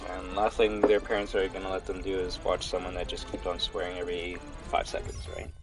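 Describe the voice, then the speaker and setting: A man's voice: deep voice, completely flat delivery, brisk, music in the background, poor audio. A young man chatting casually to his viewers while livestreaming a game, rambling and talking straight to chat. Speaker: streamer.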